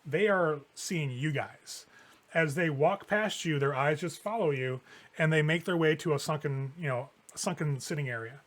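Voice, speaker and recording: A man's voice: a little high, normal speed, fairly bright tone. A man narrating as game master of a tabletop role-playing game, in a loose, profane, laughing way.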